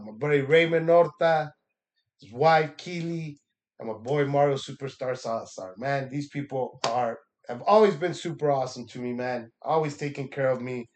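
A man's voice: medium pitch, a little hiss or hum. A young man, a stand-up comedian from Texas, giving a loose, profane recap of his week, laughing often and acting out what people said. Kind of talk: casual recap monologue.

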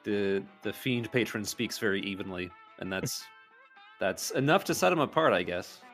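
A man's voice: lowish voice, animated, moderate pace, fairly bright tone, soft background music. Hesitant man in casual chat. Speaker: podcast guest.

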